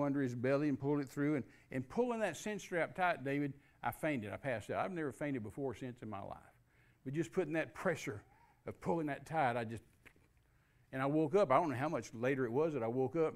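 An older man, a preacher, telling a personal testimony in a lively storytelling way and acting out the dialogue he quotes. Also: mid-range voice. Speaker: guest preacher.

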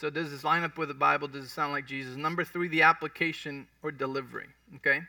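A man's voice: on the high side, fairly even intonation, quick pace, vocal fry, sharp tone, no echo, far from the mic. A man preaching a sermon in a conversational way, often checking in with his congregation. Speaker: pastor. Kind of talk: sermon teaching.

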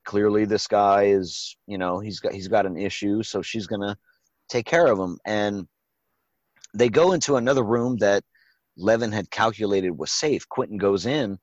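A man's voice: lowish voice, moderate pace, dry recording, dull audio. A man hosting a podcast, reviewing a movie in casual, profane, rambling chat. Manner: profane, rambling, acts out quotes. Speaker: podcast host.

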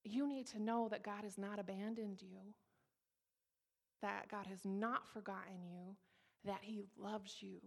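A woman voicing a gentle older male pastor in her story, speaking in an earnest, tender way. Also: medium pitch, steady tone, moderate pace, vocal fry, long pauses.

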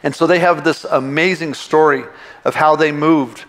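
An impassioned man preaching in a church, his voice pitched a little high for a man. He drives each point home with repetitions and restarts. A long reverb from the big sanctuary trails after his words. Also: fairly even intonation, normal speed, fairly bright tone. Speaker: pastor. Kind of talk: sermon. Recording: long reverb of a large hall.

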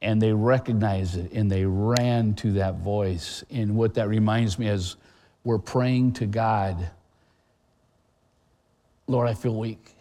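Earnest pastor in a reverberant hall. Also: male voice, lowish voice, slow, dark tone. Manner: conversational and earnest, with many fillers and restarts. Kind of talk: sermon.

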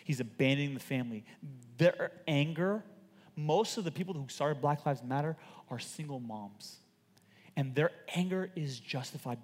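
A man preaching a sermon as a pastor, animated and emphatic with joking stories, in a large church auditorium. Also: fairly high pitch, moderate pace. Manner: animated, emphatic, jokey storytelling. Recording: long hall reverb.

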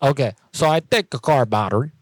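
A man playing a prank caller with a made-up mix of foreign accents and broken English, asking halting, baffled questions. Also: medium pitch, expressive, no room sound, lightly acted. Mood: insistent.

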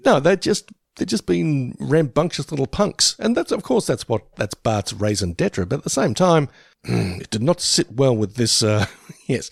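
Gravelly Australian man, jokey podcast chat. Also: medium pitch, sing-song, measured pace, no room sound, clean studio sound. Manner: jokey, laughs often, swears freely. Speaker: podcast co-host. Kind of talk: casual chat.

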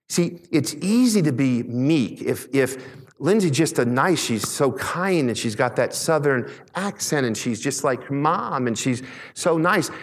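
A man preaching a sermon as pastor, emphatic, slowing on key words and asking the congregation questions. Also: on the high side. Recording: long reverb in a large hall.

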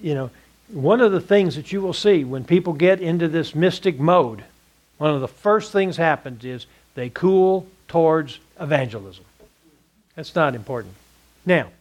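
A man with a Texan accent teaching a church Bible class, posing rhetorical questions and answering them himself. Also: high-pitched.

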